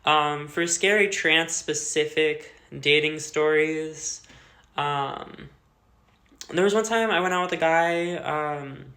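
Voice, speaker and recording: A woman's voice: low-pitched, slow, fairly bright tone. Young woman, casual storytime, filler-heavy chatter, swears a lot, echoey room. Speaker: vlogger. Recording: roomy echo.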